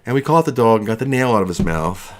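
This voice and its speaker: A man with a fairly low voice talks on a casual livestream, out of breath and rambling. He jokes at his own expense as he chats. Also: expressive, fast talker. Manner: rambling, self-deprecating, jokey. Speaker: livestream host.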